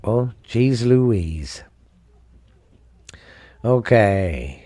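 Male podcast host, unhurried and profane, loose rambling read. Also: fairly low pitch, sing-song, mellow. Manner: rambling, profane, drawling, reads lists with fillers. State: dry mouth. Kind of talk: casual sports podcast rundown.

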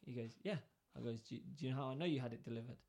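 Racing along at medium pitch, a man relates a workplace story during casual chat. He's animated and voices both sides of the dialogue himself.

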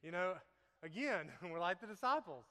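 A pastor delivering a sermon in a reverberant hall, his voice high and bright. He banters and laughs with his listeners between points. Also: animated, moderate pace. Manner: playful, laughing, talks to congregation. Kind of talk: sermon with live demonstration.

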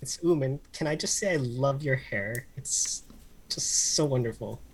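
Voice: medium pitch, a little slow, a little hiss or hum, poor audio. A player in a tabletop game, talking in a playful, cheeky way. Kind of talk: playing a tabletop game in character.

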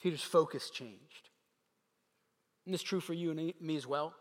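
A man's voice: a little high, moderate pace. A man preaching a sermon as pastor, reading scripture aloud with emphatic delivery. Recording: long hall reverb.

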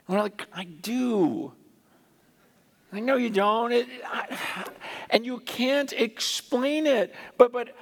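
A middle-aged man preaching a sermon in a conversational, animated way, acting out the voices he quotes. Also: very high voice. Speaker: pastor. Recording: long hall reverb.

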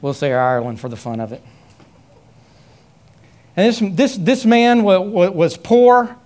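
A man preaching a sermon, telling a story with many repeated phrases and rising to loud, high emphasis. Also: lively intonation, unhurried. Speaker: pastor.

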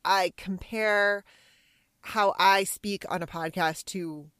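A woman's voice: medium pitch, steady tone, slow, fairly bright tone, clear, resonant tone, no room sound, clean studio sound. A woman co-hosting a podcast, playful and thinking aloud in casual chat. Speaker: podcast co-host.

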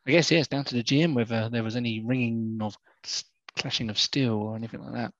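A man playing a tabletop game over a voice call, excitable and jokey. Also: medium pitch, no room sound, muffled recording. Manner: excitable, jokey, quick to laugh. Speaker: player. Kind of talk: casual tabletop game chat.

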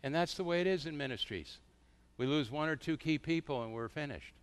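A middle-aged man preaching a sermon as a pastor. He tells stories with animated rhetorical questions. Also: on the high side, fairly quick, clean tone.

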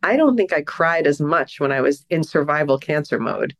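A woman chatting as a podcast co-host, her pitch sitting a little low but swinging widely as she tells stories. She is emotional and laughs easily, her voice rising sharply when something moves her. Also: normal speed, gravelly, no echo. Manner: emotional, laughs often, animated storyteller. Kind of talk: casual chat.

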